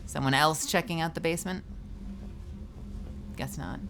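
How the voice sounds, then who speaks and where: A woman streamer chatting playfully through live gameplay commentary, with bursts of squealing and yelling. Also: low-pitched, moderate pace, slight background noise.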